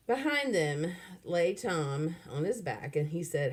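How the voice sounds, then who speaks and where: A woman narrating a children's novel aloud in an expressive, animated way. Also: sits low, moderate pace, few pauses.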